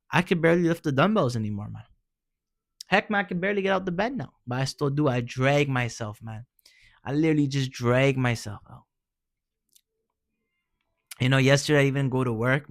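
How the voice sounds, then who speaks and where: A man's voice: mid-range voice, expressive, a little fast, pauses often, no room sound. Regular guy talking real casual, keeps saying man and bro, earnest encouraging tone, dry close sound. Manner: informal, peppers speech with "man" and "bro". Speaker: vlogger sharing personal experience. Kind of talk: casual heartfelt advice talk.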